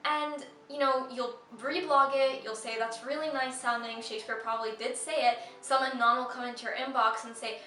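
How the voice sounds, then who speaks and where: A woman's voice: sits high, normal speed, bright, forceful tone, echoey room, far from the mic, faint music behind, low-quality recording. A young woman hosting a casual educational vlog, chatty and reassuring, turning sing-song when she recites verse. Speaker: vlog host.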